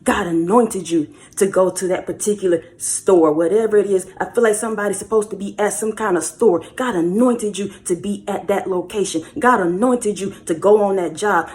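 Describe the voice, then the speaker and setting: An emphatic woman preaching encouragement to her online viewers, her voice sitting at an ordinary middle pitch for a woman. She leans on repetition, addressing the listener as if speaking straight into their life, and swings between loud, rising declarations and quiet, hushed asides. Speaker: spiritual channel host. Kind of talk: motivational preaching to camera.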